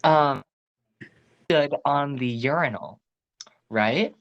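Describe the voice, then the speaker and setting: A teenage boy co-hosting a podcast, telling stories in an animated way and swearing freely. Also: on the high side, very slow, lo-fi sound. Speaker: podcast co-host. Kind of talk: casual chat.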